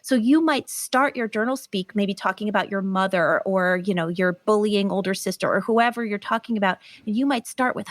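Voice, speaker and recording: A woman guest on a podcast, explaining a healing method in an earnest, animated way. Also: mid-range voice, moderate pace, dry recording. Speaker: guest, pain recovery author. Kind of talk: podcast interview.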